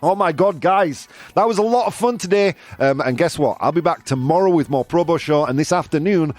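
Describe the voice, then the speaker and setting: A man's voice: on the high side, fairly quick, a little mellow, soft background music. A man hosting a live news quiz stream, chatting playfully with viewers and laughing often. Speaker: host.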